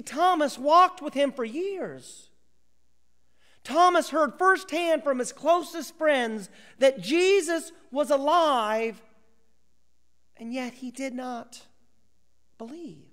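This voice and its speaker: A male pastor preaching a sermon, acting out voices of biblical characters and dropping to a hushed whisper for emphasis. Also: extremely high pitch, animated, takes it slowly, pauses often, big-room sound.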